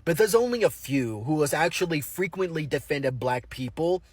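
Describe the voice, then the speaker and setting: Man, higher pitch, husky, dry sound, blunt casual commentary. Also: moderate pace, no room sound. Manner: blunt, profane, animated.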